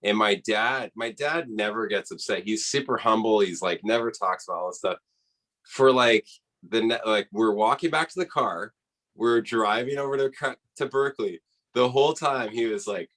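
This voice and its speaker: A man with a fairly low voice recounts a story on a podcast interview. He talks casually and with energy, and slips into the voices of the people he quotes. The delivery is loose and conversational. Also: normal speed, low-quality recording. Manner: animated storyteller who acts out quoted people. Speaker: interview guest, rower.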